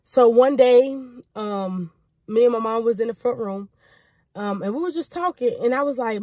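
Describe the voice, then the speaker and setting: A woman's voice: fairly high pitch, a little slow, no room sound. Chatty young woman vlogging from a car. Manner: chatty, repeats "y'all" often, excited and grateful. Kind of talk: casual chat to the camera.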